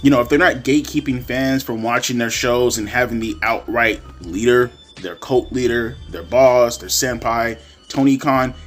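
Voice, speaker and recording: Young guy ranting about wrestling, swears a ton, keeps repeating himself, low music behind. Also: a bit bright. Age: young adult. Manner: profane, repetitive, mocking voices. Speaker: wrestling commentary vlogger. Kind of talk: ranting commentary.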